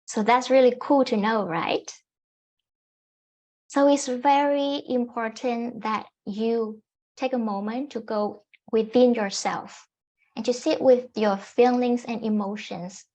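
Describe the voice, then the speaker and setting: A woman life coach offers calm, gently instructive self-help advice to camera, often repeating her points. Her voice is a little high and she takes it slowly.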